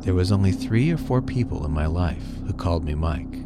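A man hosting a podcast, narrating a first-person story in a calm, earnest way. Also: low-pitched, a little fast, loud music behind the voice.

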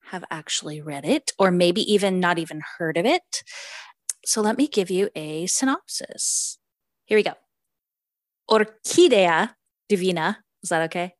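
A woman's voice: mid-range voice, dry recording. A woman co-hosting a podcast in casual chat, chatty and giggly with many fillers, also reading out a book synopsis. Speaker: podcast co-host.

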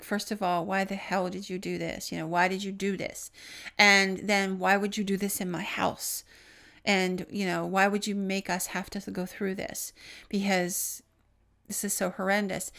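A woman co-hosting a podcast, earnestly retelling a paranormal story and trailing off softly on the grim details. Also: mid-range voice, creaky. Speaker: podcast co-host.

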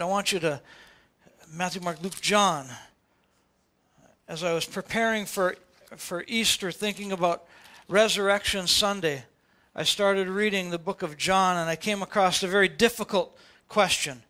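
A man's voice: high voice, fairly even intonation, unhurried, long pauses, sharp tone. An older man, a pastor preaching a sermon to his congregation, pressing his points with repeated, rising questions. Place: church sanctuary before a congregation.

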